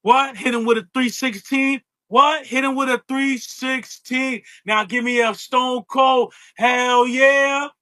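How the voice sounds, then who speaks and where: A man doing a gruff rowdy wrestler. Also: very high voice, steady tone, takes it slowly, few pauses, no room sound, voice pushed up, heavily acted. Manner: shouting call-and-response. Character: gruff rowdy male wrestler barking catchphrases.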